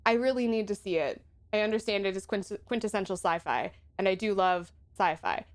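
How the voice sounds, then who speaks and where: A woman's voice: mid-range voice, expressive, a little fast. A young adult woman streaming a game playthrough, giggling, exclaiming and greeting viewers in chat.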